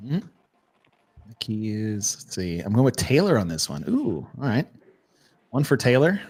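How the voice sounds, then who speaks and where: A man hosting a casual podcast chat, animated and quick to laugh and swear. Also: mid-range voice, husky. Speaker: podcast host.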